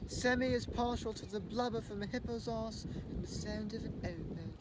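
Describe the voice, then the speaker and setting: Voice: medium pitch, normal speed, close to an everyday voice. A performer voicing a mild-mannered, dim male sidekick who speaks earnestly and simply. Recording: background noise.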